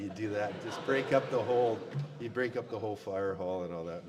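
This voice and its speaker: A man with a notably low voice delivers a eulogy in a folksy, storytelling way, leaning on fillers. His voice carries a long reverb from the hall, with faint noise underneath. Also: moderate pace. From Canada. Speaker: eulogy speaker. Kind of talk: funeral eulogy, anecdotal. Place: funeral service hall.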